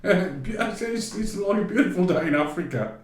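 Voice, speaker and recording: Lively storytelling man, roomy sound. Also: high voice, a little slow, noisy background. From England, from Great Barr. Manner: animated, acts out both sides of conversations in quoted voices. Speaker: podcast guest telling a travel story. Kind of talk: casual anecdote storytelling. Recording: roomy echo.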